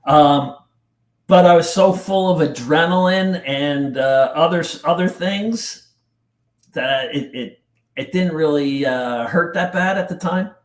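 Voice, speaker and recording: Slow, intense man in a roomy space. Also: fairly high pitch. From New Jersey. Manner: intense, halting, casual slang like dude and bro. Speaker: podcast guest. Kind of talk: emotional personal storytelling. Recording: roomy echo.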